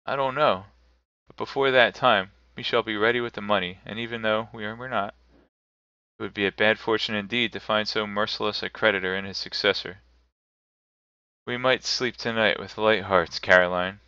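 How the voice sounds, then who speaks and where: A worried debtor, voiced by a male reader, talks in a low, clear voice. The audio is dry and slightly lo-fi. It is a storybook reading. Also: fairly even intonation, moderate pace, bright, forceful tone, no echo. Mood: anxious. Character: relieved debtor speaking to his wife.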